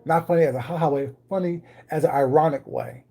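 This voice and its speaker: Greeting viewers by name, a livestream host keeps up casual, ironic banter while baking in their home kitchen. The medium-pitched voice is mellow and husky, delivered fairly quickly.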